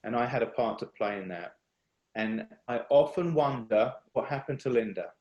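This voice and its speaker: A man's voice: medium pitch, animated, a little mellow, muffled recording. Earnest man, roomy echo. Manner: earnest, confessional, halting with restarts. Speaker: speaker at a worship workshop. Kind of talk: personal testimony. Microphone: video call.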